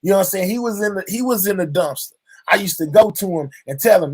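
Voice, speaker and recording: Male vlogger, higher-pitched voice, earnest, heartfelt, rambling with constant filler phrases. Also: expressive, fast talker, darkish tone, breathy edge. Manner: drawling, fills nearly every line with "you know what I'm saying"; earnest and reflective, speaking openly to his audience. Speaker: channel host. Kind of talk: heartfelt personal monologue to viewers.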